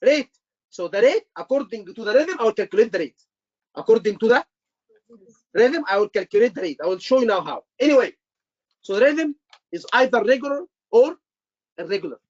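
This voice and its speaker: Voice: medium pitch, sing-song, fairly quick, pauses often, muffled recording. An instructor teaching a live class, repeating key points and quizzing the students with short questions. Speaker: medical exam instructor.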